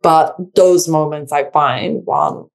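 A woman speaking in casual conversation as a guest, halting and filling her speech with "like" and restarts. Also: sits low, animated.

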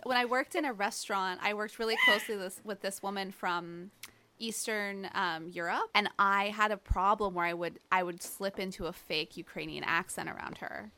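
A woman's voice: medium pitch, steady tone, moderate pace, bright, forceful tone, slight background noise. A woman chatting casually, telling rambling stories full of fillers and quoted lines. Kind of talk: casual chat.

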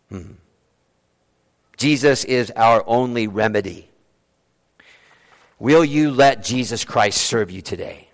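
A male pastor preaching a Sunday sermon, pressing repeated rhetorical questions and dropping to a hushed, low voice as he closes. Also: normal speed. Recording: reverberant hall.

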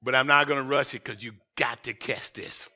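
A man preaching a sermon as pastor, swinging between shouted lines and quiet asides. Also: medium pitch, steady tone, fairly quick.

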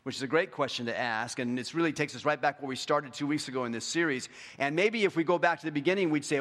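This male pastor's voice is a little high as he preaches. His sermon mounts to fervent, emphatic peaks, and he gets soft and slow for the scripture readings.

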